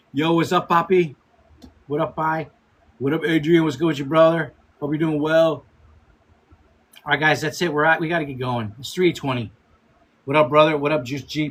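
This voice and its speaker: Husky, high-voiced man in his fifties. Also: steady tone, poor audio. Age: 50s. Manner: laughs a lot, swears, gives quick shout-outs to viewers. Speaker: livestream host. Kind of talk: casual livestream chat.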